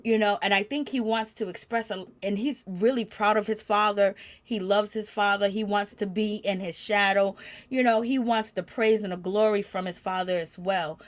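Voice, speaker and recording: A woman giving a chatty, gossipy recap of a reality show, growing animated when she quotes the people in it. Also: mid-range voice, moderate pace. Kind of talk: casual recap commentary.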